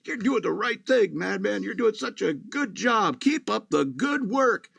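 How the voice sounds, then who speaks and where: A man's voice: high-pitched, expressive, measured pace, creaky, fairly bright tone, husky, no echo, pitched above the performer's own voice, exaggerated voice. A man voicing a relentlessly cheerful male AI robot assistant that makes chirpy, upbeat announcements.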